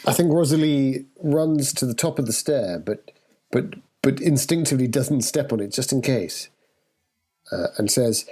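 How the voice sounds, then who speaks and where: Mellow-voiced man narrating his character. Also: mid-range voice, normal speed, husky. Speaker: player. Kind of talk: casual tabletop play.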